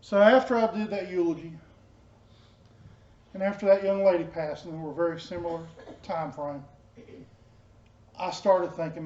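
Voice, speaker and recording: A man giving a personal testimony as a pastor, telling his story earnestly and dropping soft and low in tender moments. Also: steady tone, moderate pace, pauses often. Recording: echoey, dull room sound.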